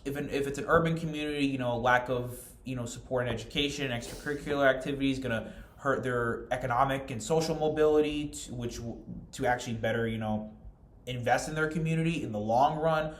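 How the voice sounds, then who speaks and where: A young man walks through his class presentation in a steady, earnest voice at an everyday middle pitch. He often restarts his sentences and leans on fillers. The room around him rings with a noticeable echo. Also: fast talker. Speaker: student presenter. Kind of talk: class presentation, reading notes then explaining.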